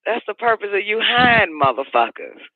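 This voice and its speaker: A man with a very high-pitched voice holds forth on live radio. He swears constantly and loops back over his own phrases for emphasis. The sound is dry and thin, like a phone line. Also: sing-song, fairly quick, no room sound. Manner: profane, rambling and emphatic, repeats phrases. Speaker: radio show host. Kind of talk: live call-in radio monologue.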